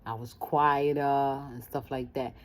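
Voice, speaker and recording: Low-voiced woman telling a story. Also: a little slow. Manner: lively, acts out family members' voices. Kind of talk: casual personal storytelling.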